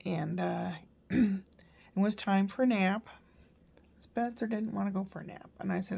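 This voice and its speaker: Gravelly older woman recapping her day. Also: medium pitch, steady tone, measured pace, long pauses, dark tone. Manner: chatty, meandering storytelling with fillers. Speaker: grandmother vlogger. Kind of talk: casual rambling daily recap.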